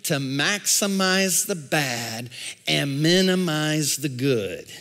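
A male pastor preaching a sermon, calling out to the congregation and swinging from shouts to a near-whisper. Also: on the high side, animated, slow. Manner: call-and-response preaching. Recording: long reverb in a large hall.

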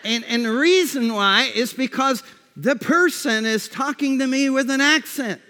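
A man preaching in a relaxed, conversational way, often restarting his phrases and dropping to a soft, slow voice for reflective questions. His voice sits fairly high and unhurried. The sound rings with the long reverb of a large hall. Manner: conversational preaching with repeated false starts. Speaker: pastor. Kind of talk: sermon.

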